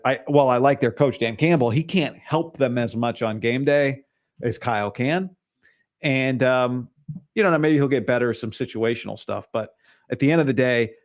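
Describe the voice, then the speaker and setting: A man's voice: mid-range voice, a little fast. A man hosting a solo sports talk show, opinionated and hedging, with frequent restarts.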